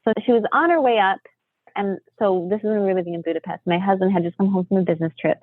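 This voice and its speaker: A woman's voice: mid-range voice, racing, no echo. Chatty woman over a tinny line. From United States. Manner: animated, chatty, laughs often. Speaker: podcast guest, homeschooling mother. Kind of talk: casual storytelling. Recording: tinny phone-line sound, dry.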